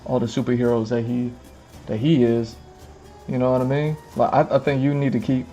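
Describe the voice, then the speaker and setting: A man's voice: mid-range voice, level tone, a little fast, warm tone, muffled recording, soft background music. A man chatting casually on a livestream to his camera, rambling, repeating phrases and filling gaps with "you know what I mean". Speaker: streamer. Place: indoors in front of a camera with lights.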